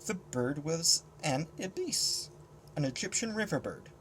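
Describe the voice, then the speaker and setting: A man narrates a novel in first person, and his pitch swings widely from line to line. His delivery is casual and expressive as he shifts into character voices. A faint hum of room ambience sits underneath. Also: measured pace. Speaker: audiobook reader.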